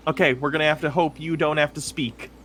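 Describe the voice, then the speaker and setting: A man playing a tabletop game, excitable and planning aloud, swearing casually. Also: fairly high pitch, quick pace, slight background noise. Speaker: player.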